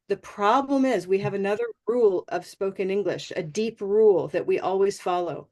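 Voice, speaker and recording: Woman, pronunciation teacher in an online class, middle-pitched, measured and patient modelling of sounds. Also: a little mellow. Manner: slow, clear modelling of sounds, repeating words for students.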